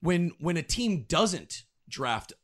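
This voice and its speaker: A man's voice: on the high side, big pitch swings, slow pace, fairly bright tone. A man co-hosting a sports and entertainment show, asking long questions with stumbling repeats. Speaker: podcast co-host. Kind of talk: casual interview.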